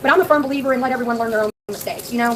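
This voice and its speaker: A woman's voice: on the high side, racing, slight background noise, low-quality recording. A young woman live-streaming, telling a story in a blunt, profane, chatty way and talking straight to her viewers.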